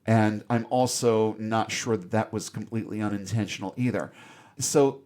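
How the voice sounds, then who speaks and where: A man's voice: lowish voice, steady tone, moderate pace, a little mellow. A man co-hosting a podcast, retelling a film scene in a wry, sarcastic way with mocking asides. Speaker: podcast co-host. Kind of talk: casual film review chat.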